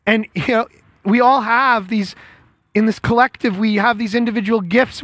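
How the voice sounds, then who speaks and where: Male pastor, high voice, loose conversational sermon, dry close recording. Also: a bit bright, no echo. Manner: conversational, rambling, self-deprecating asides. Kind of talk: casual sermon.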